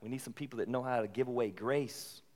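A man preaching a sermon in a casual, conversational way that rises into animated bursts. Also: mid-range voice, quick pace. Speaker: pastor. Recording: long hall reverb.

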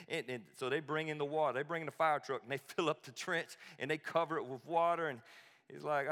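A male preacher telling a story with animated, joking energy, laughing often. His voice sits fairly high for a man, and a long reverb of a large hall trails each phrase. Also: a little fast. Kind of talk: humorous sermon storytelling.

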